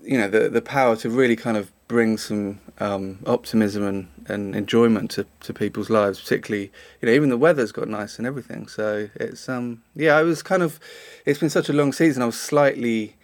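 A man's voice: medium pitch, fairly quick, dry recording. A man chatting on a podcast, hesitant and rambling with many fillers. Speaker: podcast guest. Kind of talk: casual podcast chat.

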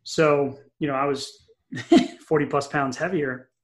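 A middle-aged man from New England co-hosting a podcast, telling a long anecdote in a chatty, animated way with many fillers. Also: a little high, slow. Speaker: podcast co-host. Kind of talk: casual podcast chat, storytelling.

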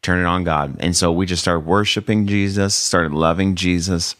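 A man's voice: low-pitched, steady tone, moderate pace, fairly bright tone, dry recording, clean studio sound. A male pastor, a guest on the show, telling his testimony in a rambling, conversational way with lots of fillers. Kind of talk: storytelling testimony in casual chat.

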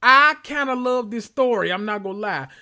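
A man's voice: very high voice, animated, normal speed, bright, forceful tone. A man hosting a podcast, recapping reality TV in casual, sassy, profane talk full of asides. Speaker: podcast host.

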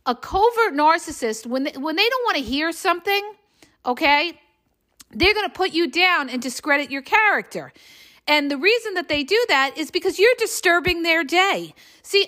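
A woman's voice: very high voice, sing-song, normal speed, pushed and bright. A middle-aged woman hosting a podcast, talking bluntly and with emphasis as she keeps checking in with "okay?". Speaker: podcast host and relationship coach. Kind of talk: casual monologue.

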